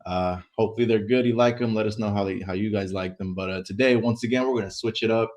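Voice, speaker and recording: A man co-hosting a casual sports chat show, relaxed and easygoing, often trailing off into filler words. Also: lowish voice, quick pace. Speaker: co-host.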